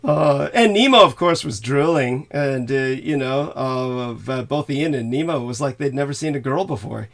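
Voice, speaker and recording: A man's voice: mid-range voice, normal speed, vocal fry, hardly any pauses. A man hosting a casual livestream chat, talking hesitantly with many fillers and frequent laughs. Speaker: livestream host.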